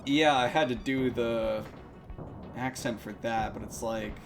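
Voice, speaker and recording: Young male streamer, mid-pitched, loose chatty talk, frequent swearing, faint game music under. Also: fairly even intonation, unhurried. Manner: rambling, swears often. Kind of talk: casual chat while playing.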